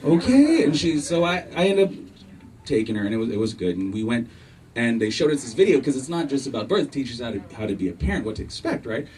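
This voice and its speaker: A man in his thirties doing a profane stand-up set on a comedy club stage, jumping into loud, shouted voices of his wife and kids. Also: medium pitch, very animated, fast. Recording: roomy club sound from far off, audience laughter. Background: laughing club audience.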